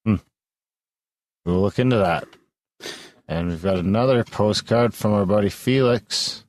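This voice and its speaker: Man, very low voice, co-host trading jokes, dry close sound. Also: measured pace, long pauses, no echo. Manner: teasing, joking banter. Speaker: podcast co-host. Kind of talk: casual chat.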